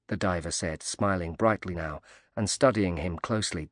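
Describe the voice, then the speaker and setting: A man giving measured, subdued scripted narration of a thriller audiobook. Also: low-pitched, no echo, studio quality.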